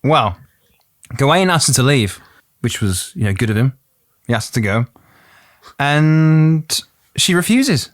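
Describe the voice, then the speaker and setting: A man with an English Midlands accent, hosting a podcast and retelling a legend in a playful way, quick to laugh at his own jokes. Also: medium pitch, big pitch swings, dry recording, studio quality. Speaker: podcast host.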